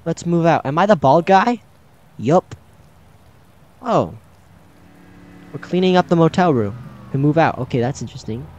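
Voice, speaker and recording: A gaming channel host chats as he plays a horror game, reading its dialogue aloud in a slightly high, darkish voice with big pitch swings, normal speed and long pauses. The game recording sounds slightly dull, with faint music.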